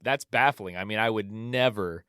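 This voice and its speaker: A man's voice: lowish voice, moderate pace, a bit bright, clean tone, dry recording, clean studio sound. An American man hosting a podcast, asking curious questions and reacting with open surprise. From United States. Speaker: podcast host. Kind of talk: casual podcast interview.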